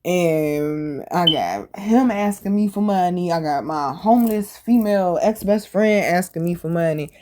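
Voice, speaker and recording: A woman hosting a podcast, telling stories in a casual, animated and blunt way, full of slang and swearing. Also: fairly low pitch, a little slow, hardly any pauses. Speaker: podcast host. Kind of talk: casual storytelling monologue.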